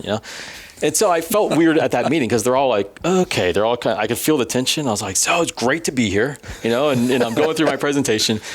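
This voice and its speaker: A man of middle pitch spinning a personal story in a relaxed interview. He talks in a lively, self-deprecating way. He tells it casually, like a friendly guest. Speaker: business owner guest.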